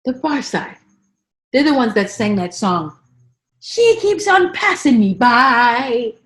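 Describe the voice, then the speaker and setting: A high-voiced, scatterbrained woman politician, put on by a woman comedian rambles through a satirical spoof monologue. Her voice swoops up and down, and she repeats herself with deadpan asides. She drops to hushed mutters, then breaks into sudden loud outbursts.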